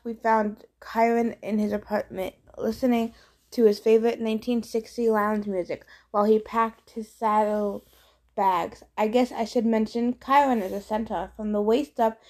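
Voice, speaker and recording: Woman audiobook reader, wry conversational narration, slightly high voice. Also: darkish tone. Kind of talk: first-person storybook narration.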